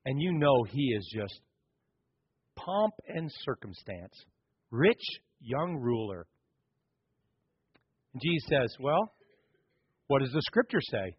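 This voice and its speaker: A man delivers a sermon from the pulpit in a husky, fairly high voice. He swings between raised emphasis and quiet asides. The recording sounds dull and lo-fi, with a dry close sound. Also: no echo. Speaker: pastor.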